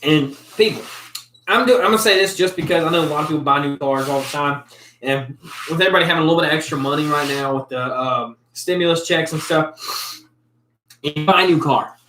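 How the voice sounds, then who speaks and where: A man's voice: on the high side, fairly quick, sharp tone, slight background noise. A man telling a long, exasperated story about a rude customer, rambling and blunt in a casual way. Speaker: show host, car mechanic. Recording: roomy echo.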